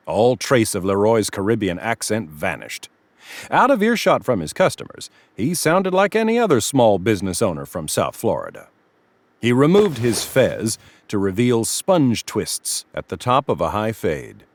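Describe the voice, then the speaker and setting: A man reading scripted narration for a story with expressive delivery. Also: fairly low pitch, moderate pace, no echo.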